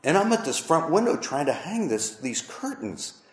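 A middle-aged man preaching a personal testimony, telling his story slowly and with deep emotion. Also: very animated. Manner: slow, emotional storytelling with pauses. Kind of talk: testimony sermon. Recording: roomy echo, faint background noise.

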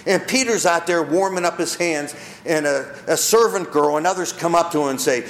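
A man's voice: a little high, normal speed. A man preaching a sermon, asking his listeners rhetorical questions. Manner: asks the audience rhetorical questions; acts out quoted people in character. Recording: echoey room.

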